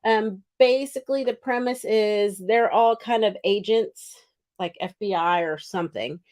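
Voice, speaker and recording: A woman co-hosting a movie review podcast, chatting casually and trading quick remarks with her partner. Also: medium pitch, darkish tone. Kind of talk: casual chat.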